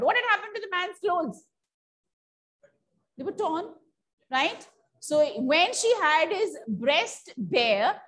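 High-voiced Indian woman teaching English. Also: fairly bright tone. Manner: asks the class questions and answers them herself. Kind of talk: classroom lesson, reading a story aloud and explaining.

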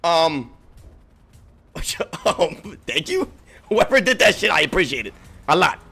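A bright, high-voiced man streaming a chase game, his pitch swinging wildly as he yells and laughs at the players after him. He trash-talks freely and his voice is starting to wear out. Game music plays faintly behind him. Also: sing-song, a little slow, creaky, slightly rough. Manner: frantic, yelling and laughing while playing; profane trash talk. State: voice giving out. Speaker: gaming streamer. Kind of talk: excited gameplay commentary.

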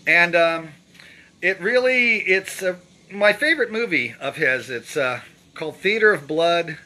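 A man's voice: high voice, animated, a little slow, bright, forceful tone. A middle-aged man casually walking through his own painting, rambling with lots of fillers and restarts. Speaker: painter showing his artwork. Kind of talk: casual walkthrough commentary.

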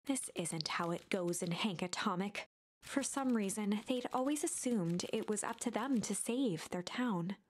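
A woman giving calm, measured scripted narration for a storybook-style game. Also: medium pitch.

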